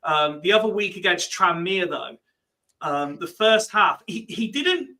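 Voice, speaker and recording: A man's voice: high voice, animated, unhurried, bright, forceful tone, low-quality recording. A man co-hosting a football podcast, chatting in a wry, sarcastic way. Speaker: podcast co-host. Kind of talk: casual football chat.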